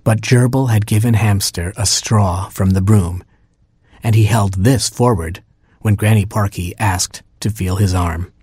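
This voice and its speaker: A man reading a children's storybook aloud with a playful lilt. His voice sits fairly low and husky. The recording is close and dry with no room sound. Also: unhurried, darkish tone, no room sound.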